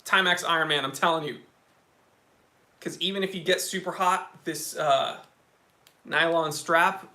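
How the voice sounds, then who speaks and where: Excitable man hosting a live stream. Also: a little high, measured pace, long pauses. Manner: excitable, reading out viewer comments. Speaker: watch channel host. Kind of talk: casual live stream chat.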